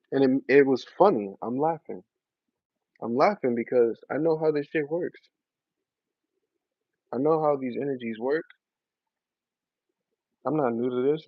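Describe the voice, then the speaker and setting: A man's voice: mid-range voice, no echo. A young man chatting casually with his live-stream viewers in a loose, slangy way, often laughing as he talks. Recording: dry, slightly dull lo-fi audio.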